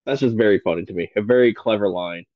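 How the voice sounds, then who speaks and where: A man with a slightly low voice chats on a podcast, eager and rambling, with plenty of "um" and "like." The sound is a bit dull and lo-fi, and dry with no room echo. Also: fast. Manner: enthusiastic, rambling with many fillers. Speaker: podcast guest. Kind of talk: casual podcast chat.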